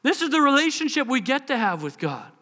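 A man preaches a sermon during a church service in a high, ringing voice. He speaks with earnest passion and slips into the voices of others as he tells stories. His tone is bright and forceful. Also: sing-song, brisk. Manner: earnest and impassioned, acts out voices and prayers. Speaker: pastor. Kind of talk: live sermon.

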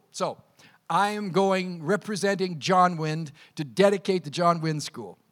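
Male pastor, high voice, lively storyteller sermon. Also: a little slow. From Canada. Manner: animated storytelling, acting out quotes.

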